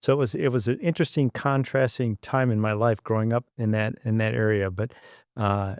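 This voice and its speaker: A man's voice: medium pitch, fairly quick, a little mellow, no room sound, clean studio sound. A man in his sixties from Michigan, a podcast guest rambling through memories of his childhood with many asides. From Michigan, United States. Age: 60s. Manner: rambling, many fillers and restarts. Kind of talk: reflective storytelling.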